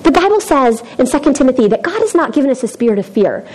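Animated, high-voiced woman youth speaker. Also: fast, poor audio. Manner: chatty, self-deprecating, laughs often. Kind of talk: informal youth devotional talk.

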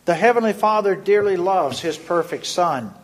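A man reading a scripted Lenten devotion in a measured, solemn way. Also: sits high, expressive. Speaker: devotion reader.

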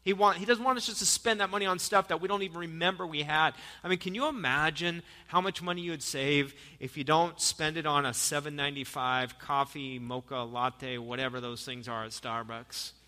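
A man's voice: on the high side, fairly even intonation, a little fast, few pauses, bright, forceful tone, long reverb tail. A male pastor preaching an earnest sermon in a church, telling jokes and stories to the congregation. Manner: storytelling with jokes, earnest and exhorting. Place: church sanctuary.

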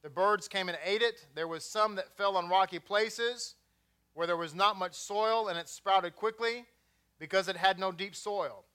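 Texan male preacher, high bright voice, casual sermon with wisecracks. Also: measured pace, smooth. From Texas. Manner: conversational, joking asides.

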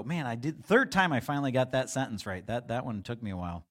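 A man's voice: expressive, a little fast. A middle-aged male pastor giving a conversational sermon, acting out quotes in a livelier voice. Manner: conversational preaching, acts out God's voice with rising pitch.

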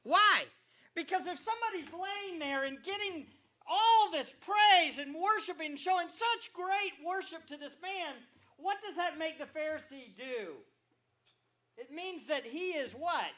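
A man's voice: extremely high pitch, expressive, measured pace, bright, forceful tone, muffled recording. A male pastor preaching a sermon in a conversational, joking way, quizzing the congregation as he goes.

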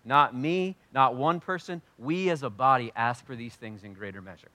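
A man preaching as pastor to his congregation, energetic and joking, with loud bursts of emphasis as he leads a prayer time in church. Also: medium pitch, moderate pace. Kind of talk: sermon leading congregational prayer. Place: church sanctuary.

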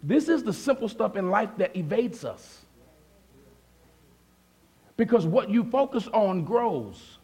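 A man's voice: high-pitched, sing-song, slow pace, long pauses, breathy edge. A male pastor preaching a sermon in a conversational way, often asking the congregation questions and acting out their replies. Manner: acts out listeners' replies in a softer voice.

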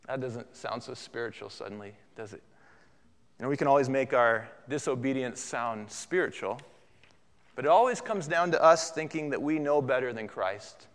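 A man preaching a sermon as pastor, animated and conversational with flashes of humor. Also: medium pitch. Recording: long hall reverb.

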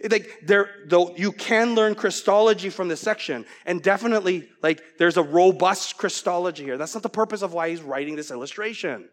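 A male pastor delivering a sermon in a high, light voice. He is animated, climbing into excited, louder stretches and then dropping to near-hushed, intense lines. He grew up abroad before becoming a citizen. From from outside the US, naturalized American. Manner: animated, swings from loud to hushed.

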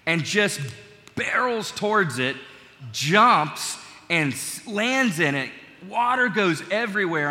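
A man's voice: fairly high pitch, bright, forceful tone. A middle-aged man preaching a sermon as pastor, in a conversational, joking way with his congregation, in a large church. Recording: long church hall reverb.

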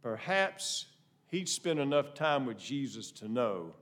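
A man preaching a sermon, moving between loud emphatic lines and soft, quiet asides. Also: medium pitch, sing-song, takes it slowly. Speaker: pastor.

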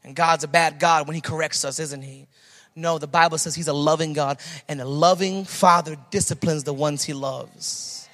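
A man's voice: a little high, steady tone, moderate pace, a bit bright, in a large hall. A man preaching a sermon as pastor, emphatic and repeating his key phrases to the church.

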